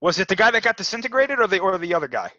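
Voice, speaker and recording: A man's voice: high-pitched, expressive, very fast, pushed and bright, dry recording. A man co-hosting a casual movie chat, hesitant and stammering, often repeating words. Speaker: co-host. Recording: dry, dull lo-fi recording.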